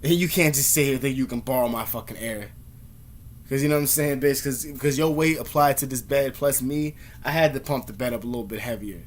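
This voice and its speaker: A man's voice: medium pitch, fairly quick. A man vlogging in a rambling, profane monologue, laughing as he goes and mimicking other people's voices while he tells stories. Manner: profane, laughs often, imitates others mid-story.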